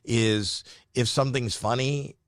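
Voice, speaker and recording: A middle-aged comedian, guesting on a podcast, tells a story in a rambling, playful way, often cutting off his own sentences. He speaks at a measured pace in a mid-range, fairly even voice, recorded in clean studio sound with no room sound.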